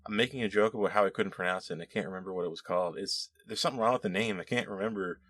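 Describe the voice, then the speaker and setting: A man's voice: low voice, very fast, fairly bright tone, a little hiss or hum. A man hosting a show, casually reading and answering viewer comments in a rambling, self-correcting way with frequent laughs.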